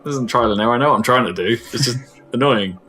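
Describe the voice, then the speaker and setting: A man's voice: mid-range voice, fast talker, sharp tone. A man playing a puzzle game and chatting casually, joking around and muttering nonsense sounds while he thinks. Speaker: player of the game. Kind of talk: casual gameplay chat.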